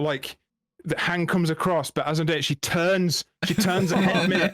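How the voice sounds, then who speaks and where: A man's voice: a little high, a bit bright, dry recording, clean studio sound. A man on a podcast as a guest, telling a crude story in casual chat and laughing at his own punchlines. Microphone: remote call.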